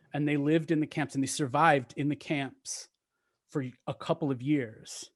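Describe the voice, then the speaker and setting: Man telling a story with many pauses. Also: on the high side. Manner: halting, with many ums and restarts, slowing and quieting at emotional moments.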